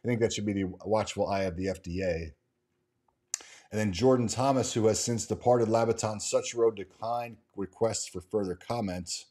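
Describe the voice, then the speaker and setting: A man with a low, mellow voice runs through news and market figures like a casual commentator. He reads quoted passages aloud, then cuts in with offhand remarks, restarting his sentences and tossing in fillers as he goes. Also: normal speed. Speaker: host of a stock market show. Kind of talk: casual commentary reading from articles and market screens.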